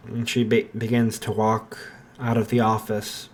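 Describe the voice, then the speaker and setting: Slow, halting male storyteller. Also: lowish voice, completely flat delivery, a little hiss or hum. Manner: halting, many fillers and restarts. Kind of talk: improvised fan-fiction narration.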